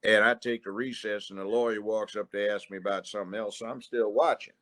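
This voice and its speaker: A man's voice: on the low side, steady tone, fast talker, a bit bright. An older man, a former judge, telling blunt courtroom stories in an interview. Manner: blunt, streetwise, acts out courtroom voices. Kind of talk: storytelling in an interview.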